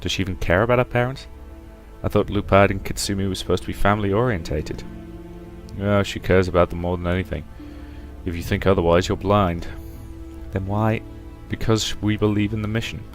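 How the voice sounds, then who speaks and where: A young man playing a sci-fi visual novel, reading out every character's lines with shifting pitch and loudness. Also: steady tone, brisk, soft background music. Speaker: game let's-player.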